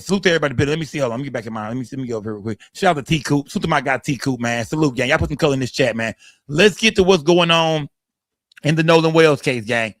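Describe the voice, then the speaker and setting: A man's voice: fairly high pitch, a bit bright, dry recording, studio quality. A man hosting a casual livestream, greeting chat names one by one and talking heatedly in slangy speech. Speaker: livestream host.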